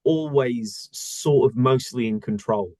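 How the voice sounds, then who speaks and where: A male voice actor talking casually in an interview, thoughtful and searching for words with many pauses. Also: mid-range voice, mellow, dry recording. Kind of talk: casual conversation.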